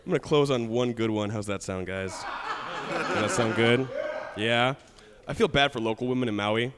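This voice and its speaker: A man's voice: mid-range voice, moderate pace, heavy background noise. A young man performing a stand-up comedy set, brash and crude, laughing at his own jokes. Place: studio stage with live audience. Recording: live audience with long hall reverb.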